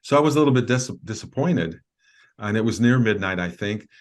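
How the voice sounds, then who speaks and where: Low-voiced man telling a long story. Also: lively intonation. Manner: earnest, halting with fillers and restarts. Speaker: guest. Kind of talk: storytelling in a video interview.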